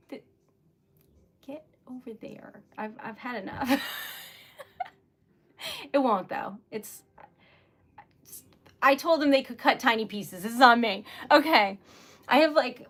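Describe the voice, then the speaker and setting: A woman's voice: sits high, animated, slow, pauses often, a bit bright. A young woman from Rhode Island hosting a casual livestream, flustered and giggly, stammering a little as she chats. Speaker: livestream host.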